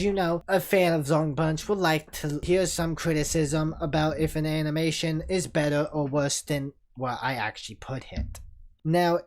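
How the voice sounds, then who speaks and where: A channel host giving casual ranking commentary in a relaxed, rambling way, often filling gaps with "you know". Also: medium pitch.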